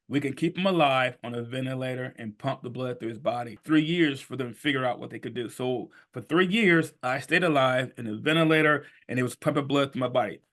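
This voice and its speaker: A man in his fifties telling his life story on a podcast, animated and emphatic, sometimes rising to a shout. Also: medium pitch. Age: 50s. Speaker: podcast guest. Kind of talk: storytelling in conversation.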